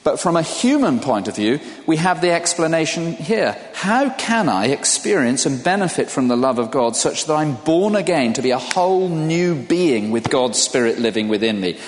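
A man's voice: on the high side, sing-song, moderate pace, few pauses. An older man preaching a sermon in a conversational way, putting questions to his listeners. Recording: long hall reverb.

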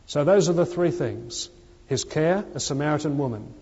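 A man's voice: a little high, lively intonation, normal speed, darkish tone, slightly rough. A man preaching a sermon in a church, emphatic, repeating key phrases and dropping his voice when he quotes. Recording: lo-fi reverberant church recording.

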